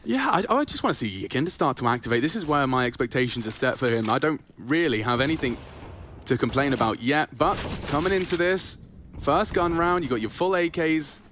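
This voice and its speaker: A man's voice: fairly high pitch, expressive, a little fast, fairly bright tone, slight background noise. Man giving analytical esports color commentary.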